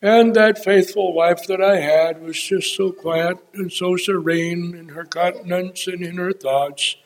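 Elderly preacher man, folksy and unhurried. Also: high voice, steady tone. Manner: folksy, rambling, frequent pauses with uh. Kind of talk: unscripted sermon.

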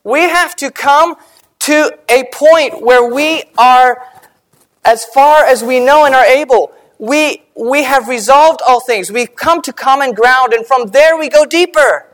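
A woman preaching a sermon, earnest and measured, slowing down and dropping quiet to stress a point. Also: high voice.

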